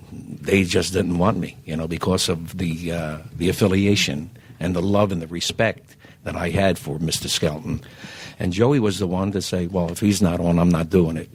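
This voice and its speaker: A man's voice: low voice, breathy edge, dry recording. An older man from South Philadelphia telling showbiz stories in a casual interview, rambling with many fillers and restarts. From South Philadelphia, USA. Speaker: guest entertainer.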